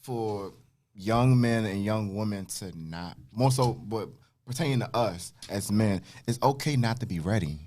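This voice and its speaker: Brief: relaxed male podcast co-host in his twenties, with a mid-range voice and lively pitch. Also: a little slow, a little hiss or hum. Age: 20s. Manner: laid-back, backs others up with short agreements. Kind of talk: casual podcast chat.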